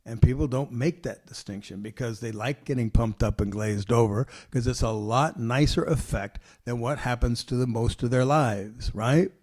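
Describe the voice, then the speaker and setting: An older man explains ideas to his listeners in loose, informal talk. He is blunt and plain-spoken, and he keeps asking whether you follow him. His voice sits at an ordinary pitch for a man. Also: normal speed, few pauses, a little mellow. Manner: conversational, tags points with "see?" and "you know"; casual and blunt, laughs easily. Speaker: teacher hosting his podcast.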